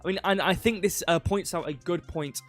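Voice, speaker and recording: A man's voice: high voice, a little fast, a bit bright, soft background music. A young man hosting a casual crypto livestream, rambling with lots of fillers and offhand jokes. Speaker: crypto news host.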